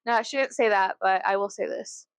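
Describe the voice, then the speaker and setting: A woman's voice: mid-range voice, moderate pace, clean tone, dry recording. A woman vlogging in a casual rant, swearing freely, giggling and rambling.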